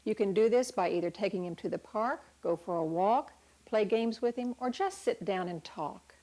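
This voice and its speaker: A woman parenting expert giving calm, direct advice on discipline and answering a caller's question. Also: mid-range voice, normal speed. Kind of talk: instructional talk and call-in advice.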